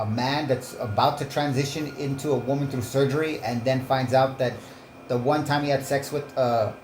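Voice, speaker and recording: A man's voice: mid-range voice, a little mellow, a little hiss or hum. A man giving rambling, profane casual commentary as he reacts to clips, often breaking off and restarting his sentences. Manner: meandering, profane, self-interrupting. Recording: roomy echo.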